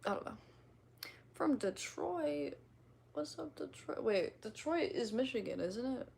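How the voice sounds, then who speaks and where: A woman's voice: high-pitched, expressive, unhurried, gravelly, darkish tone, slight background noise. A young woman from the Midwest with a slight twang, chatting casually and reading viewer comments on a livestream, rambling and giggly with casual swearing.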